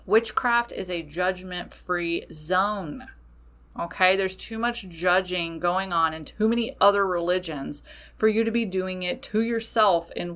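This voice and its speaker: A woman's voice: lowish voice, fairly bright tone. A woman podcast host giving frank, casual spiritual advice, swearing freely and checking in with "okay?". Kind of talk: casual spiritual teaching talk.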